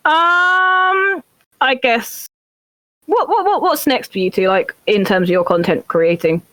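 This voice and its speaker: A woman speaks slowly in a fairly high voice as an interview guest. She answers openly, pausing on fillers. Her voice is dry and close, with no room sound. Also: animated, a bit bright, dry recording, low-quality recording. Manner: hesitant, slow and open, with fillers and laughter. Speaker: interview guest, content creator. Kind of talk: casual interview chat.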